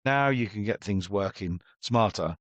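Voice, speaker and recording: A man's voice: on the low side, measured pace, no room sound, muffled recording. A middle-aged man, a business coach, talking bluntly and chattily as an interview guest and acting out his exchanges with clients.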